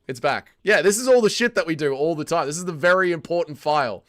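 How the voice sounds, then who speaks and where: A man's voice: on the high side, animated, fast, fairly bright tone. A man hosting a casual livestream, reading chat aloud and bantering with it, swearing and exasperated.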